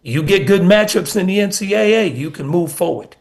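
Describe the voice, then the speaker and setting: A man's voice: sits high, expressive, fairly quick, vocal fry. A middle-aged man, a former basketball coach, telling stories earnestly on a sports radio show and repeating key points for emphasis. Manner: earnest storytelling with emphatic repetition. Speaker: former college basketball assistant coach, guest.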